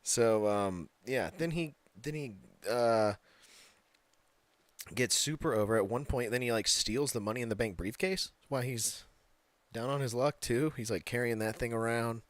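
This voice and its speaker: A man's voice: medium pitch, moderate pace, dry recording. A man co-hosting a casual wrestling podcast, talking bluntly, swearing freely and laughing often. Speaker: podcast co-host.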